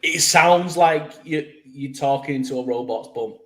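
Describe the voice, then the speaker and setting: Man, sports podcast host, joking and teasing, mid pitch, echoey room. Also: unhurried. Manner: jokey and teasing, with some swearing. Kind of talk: casual sports chat.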